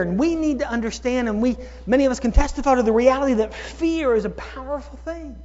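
A man preaching a sermon, moving from calm teaching to loud, excited preaching. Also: extremely high pitch. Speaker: pastor. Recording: dull sound with long hall reverb.

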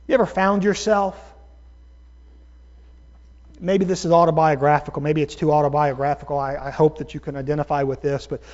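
A man with a high, light voice preaches with emphatic, drawn-out stresses, addressing his congregation as folks. The recording sounds dull and lo-fi. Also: steady tone, a little mellow. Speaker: pastor. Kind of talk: sermon.

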